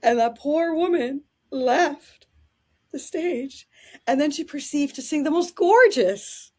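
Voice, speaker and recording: A woman telling anecdotes in a casual interview, animated and quick to laugh. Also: high voice.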